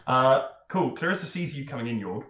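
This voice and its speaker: A man narrating as game master of a tabletop role-playing game, laughing often and filling pauses as he goes. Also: mid-range voice, expressive, muffled recording. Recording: roomy, with faint hiss.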